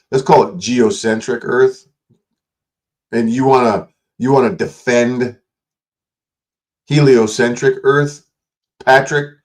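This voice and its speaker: A man hosting a late-night livestream, ranting in a combative, mocking and profane way at another online creator. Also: medium pitch. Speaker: livestream host.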